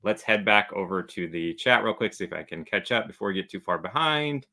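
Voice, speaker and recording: Bright-voiced man hosting a livestream. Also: lowish voice, fairly quick. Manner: chatty, reads viewer comments aloud, cracks dad jokes. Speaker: travel channel host. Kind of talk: casual livestream chat.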